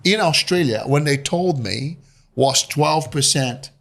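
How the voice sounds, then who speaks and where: A man's voice: a little high, takes it slowly, vocal fry, a bit bright. A man in his fifties from Brazil, a native Portuguese speaker with a Brazilian accent, telling his story as an interview guest and acting out voices with animation. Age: 50s. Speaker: guest investor.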